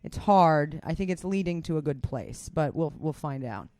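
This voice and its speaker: Speaking in a low, dark and expressive voice at normal speed with no echo, a woman co-hosts a podcast indoors. A comedian, she chats frankly, swears freely and pokes fun at herself.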